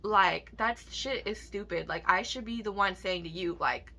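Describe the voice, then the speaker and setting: A woman's voice: mid-range voice, animated, moderate pace, few pauses, bright, forceful tone. A young woman in a casual vlog, ranting emotionally to her viewers with heavy swearing.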